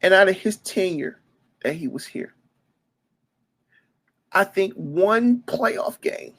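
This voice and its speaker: Emotional detroit guy, ex football coach, rambling fan talk, keeps repeating himself and tripping over words, gets loud in spurts. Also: high voice, lively intonation, slow pace. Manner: emotional and repetitive, stumbling over words, with sudden loud bursts. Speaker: former youth football coach and sports fan. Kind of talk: emotional unscripted fan monologue.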